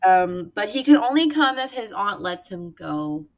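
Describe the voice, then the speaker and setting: A woman's voice: mid-range voice, very animated, unhurried. Chatty woman quoting the book dramatically. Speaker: podcast co-host. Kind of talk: casual book discussion chat.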